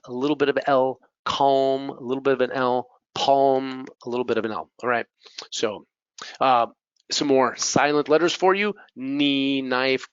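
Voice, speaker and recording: In this classroom lesson, a male teacher models pronunciation by repeating every word, adding occasional remarks in Spanish. His voice sits in the mid range with a fairly bright tone. The audio is dry, dull, and lo-fi.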